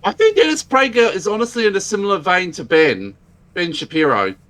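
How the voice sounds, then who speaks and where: A man co-hosting a casual podcast, agreeable and quick with short affirmations. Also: high-pitched, big pitch swings, fairly bright tone. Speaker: podcast co-host.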